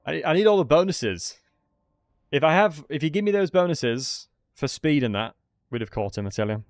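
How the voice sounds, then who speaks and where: A man's voice: a little high, big pitch swings, fairly quick, dry recording. A man giving casual commentary while playing a strategy game, chatting and thinking aloud. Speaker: gaming streamer.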